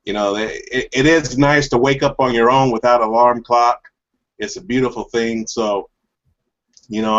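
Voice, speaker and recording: A man on a video call giving an earnest, preachy motivational closing talk in casual, informal speech. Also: mid-range voice. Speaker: hangout participant. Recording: dull lo-fi video call audio.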